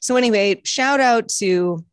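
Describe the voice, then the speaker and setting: A woman's voice: fairly high pitch, measured pace, clear, resonant tone, dry recording. Young woman podcast host, rambly and chatty, does silly voices for quotes, dry close sound. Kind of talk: casual chat.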